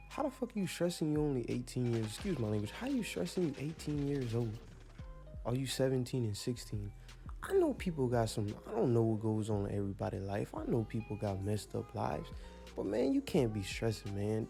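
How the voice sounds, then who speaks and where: Teen dude rambling thru a story, gravelly voice, lil music under it. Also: male voice, lowish voice. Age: teens. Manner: rambling, animated slang-heavy storytelling. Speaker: vlogger telling a story. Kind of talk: casual storytime.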